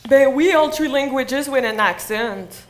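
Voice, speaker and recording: A woman's voice: high-pitched, unhurried. A woman playing an eager, whiny teenage daughter, in stage play acting. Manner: whiny, pleading.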